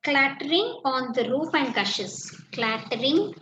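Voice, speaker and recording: High-voiced woman teacher in an echoey room. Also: expressive, a bit bright. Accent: Indian English. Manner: slow, repeats phrases while writing answers. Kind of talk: classroom lesson, dictating answers. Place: classroom. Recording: echoey room, dull lo-fi sound, faint noise.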